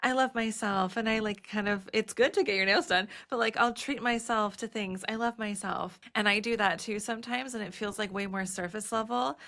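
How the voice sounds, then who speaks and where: A woman's voice: medium pitch, fairly even intonation, a little fast, creaky, few pauses, a bit bright. A woman in her thirties hosting a podcast about birth, talking earnestly in casual chat, full of "like" and "you know". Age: 30s. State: teary, emotional. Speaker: podcast host, birth educator.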